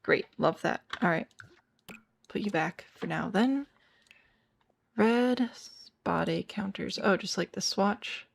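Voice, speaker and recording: Hoarse, tired woman streamer, gravelly. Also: fairly low pitch, animated, unhurried, slight background noise. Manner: chatty, thinking aloud, talking to chat. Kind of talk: casual gameplay chat.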